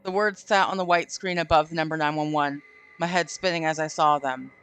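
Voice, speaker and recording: A woman's voice: low voice, fairly even intonation, a little fast, a bit bright, smooth, no room sound, faint music behind. A woman streamer reading a horror story aloud and chatting, giggly and casual. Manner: giggly, reads aloud with quoted voices.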